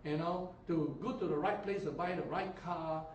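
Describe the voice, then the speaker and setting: A man preaching a sermon as pastor, animated, often mimicking people and swinging between loud and soft delivery. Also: a little high, normal speed, slight background noise. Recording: echoey hall, distant mic.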